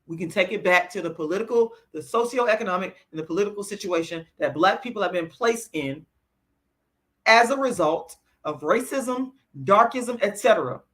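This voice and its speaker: Woman, livestreamer, heated profane rant, bright edgy tone, middle pitch. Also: expressive, moderate pace. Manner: profane, blunt, worked up; shifts between lecturing and venting. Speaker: livestreamer answering chat.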